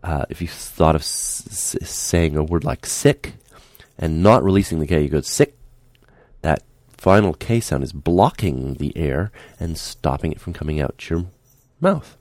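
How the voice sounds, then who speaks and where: A man teaching a speech lesson, calm and patient, demonstrating the sounds aloud as he explains them. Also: rumbling low, unhurried, no room sound.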